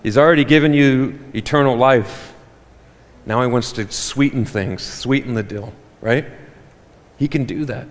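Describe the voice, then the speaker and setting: Preaching to his flock, this pastor keeps things lively and joke-filled, speaking at a typical pitch for a man. Every phrase lingers in the church hall under a long, trailing reverb.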